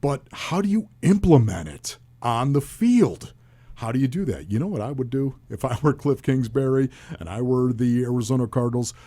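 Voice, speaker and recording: A man working as a radio color analyst, talking football in an animated, emphatic way and firing off rhetorical questions. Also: medium pitch, moderate pace. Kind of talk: sports talk analysis.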